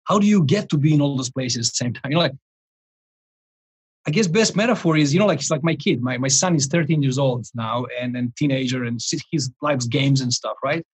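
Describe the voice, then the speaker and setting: Husky-voiced man telling a story. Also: mid-range voice, a little fast, rough recording. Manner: animated, rambling, frequent restarts and chuckles. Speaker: life coach. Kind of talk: storytelling in a podcast interview.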